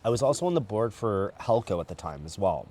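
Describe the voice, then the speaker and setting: A man with a lowish voice and quick pace recounts his story candidly as a guest, strolling outdoors at night. Animated and frank, he acts out quotes, picked up by a distant mic amid faint outdoor sound.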